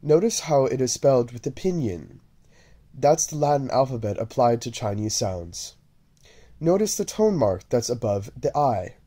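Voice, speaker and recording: A man teaching a language lesson, speaking slowly and deliberately and repeating syllables over and over for the listener to copy. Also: mid-range voice, sing-song, dark tone, breathy edge. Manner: drawn-out, repeated syllable drills. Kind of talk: slow, deliberate lesson narration.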